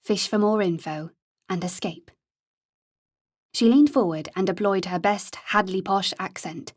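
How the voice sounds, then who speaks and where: A woman narrates an audiobook from a script in a measured, steady storytelling style. Her voice sits in the mid-range, and the studio-quality recording carries no echo.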